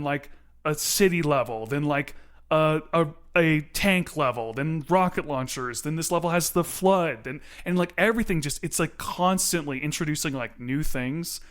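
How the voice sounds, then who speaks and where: A young man co-hosting a casual podcast chat, talking enthusiastically and rattling off long lists. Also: on the high side. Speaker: podcast co-host.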